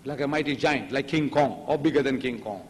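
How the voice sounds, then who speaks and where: A man's voice: mid-range voice, brisk, long reverb tail, very noisy. An older man whose first language is Gujarati, giving a religious lecture and acting out the dialogue of the stories he tells. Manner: animated storytelling, acting out dialogue.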